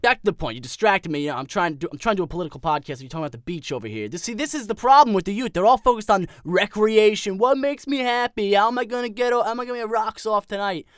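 A man's voice: sits high, racing, few pauses, clean tone, no echo, studio quality, close to an everyday voice. A man playing a blustery, easily worked-up political pundit who rants as co-host of a parody podcast. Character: blustery hot-headed male political pundit.

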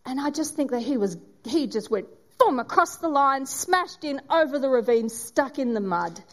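A woman giving a sermon, telling a story and acting out its voices with dramatic pauses. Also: sits high, animated. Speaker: preacher.

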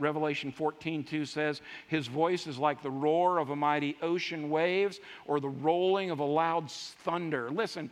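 A man preaching a sermon, emphatic and repetitive, swinging from loud declarations to hushed asides. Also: a little high, moderate pace, few pauses. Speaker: pastor. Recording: long hall reverb.

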